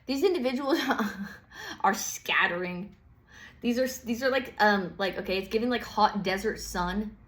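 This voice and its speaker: A woman's voice: mid-range voice, animated, unhurried, a bit bright. Rambling, swearing woman tarot reader. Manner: rambling, profane, lots of fillers and playful quoted voices. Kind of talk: casual tarot reading monologue.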